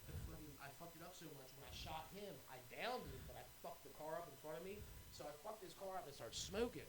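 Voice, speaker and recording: A man hosting a podcast in casual chat, telling stories in an animated, profane way and acting out what people said. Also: on the high side, fast talker, background noise. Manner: animated, profane storytelling with acted-out quotes. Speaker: podcast host.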